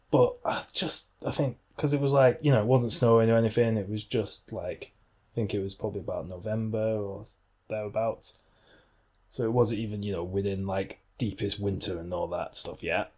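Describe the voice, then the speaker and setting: A man's voice: lowish voice, a little mellow. A man co-hosting a podcast, telling rambling anecdotes in loose, casual chat that often breaks off and restarts. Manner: rambling, self-interrupting anecdotes with quick laughs. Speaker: podcast co-host.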